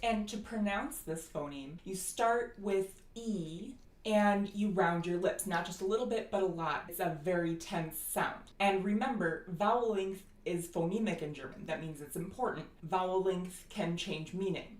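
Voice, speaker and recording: A woman with an American accent giving a phonetics lecture, explaining and slowly demonstrating vowel sounds. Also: fairly low pitch, echoey room. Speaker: language teacher.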